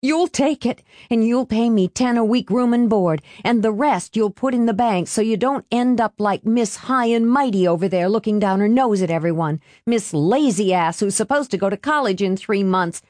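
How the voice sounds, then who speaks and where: A woman voicing a furious, worn-out middle-aged working mother who shouts in shrill rage. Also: normal speed, few pauses, dry recording, studio quality, natural voice. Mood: bitter, furious.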